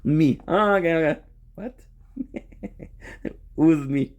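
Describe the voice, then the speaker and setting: A man's voice: a little high, takes it slowly, a little mellow, highs cut off. A young man streaming, chatting casually and playfully with viewers, rambling with frequent restarts and laughter.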